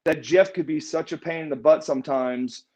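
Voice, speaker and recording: A man's voice: fairly high pitch, moderate pace, a little mellow. Rambling man with a raised voice. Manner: rambling, repeats and restarts words, chuckles often. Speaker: interview guest. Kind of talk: casual storytelling in a podcast interview.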